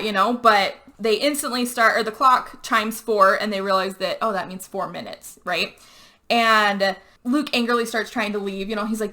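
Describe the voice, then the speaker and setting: A woman hosting a podcast, casually retelling a movie plot with lots of "like" and quick quoted character voices. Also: medium pitch, sharp tone. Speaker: podcast host. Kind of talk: casual movie recap chat.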